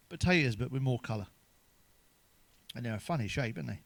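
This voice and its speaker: A man's voice: medium pitch, expressive, a little fast, long pauses, no room sound. Crude joke-telling man, dry sound. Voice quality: crude, swears often, rough tag questions. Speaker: stand-up comedian. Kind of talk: crude stand-up jokes, chatty.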